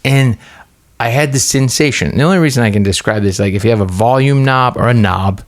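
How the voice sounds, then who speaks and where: A man co-hosting a podcast, retelling a scare in a rambling, halting way with many restarts. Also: mid-range voice. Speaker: podcast co-host. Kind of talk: casual storytelling chat.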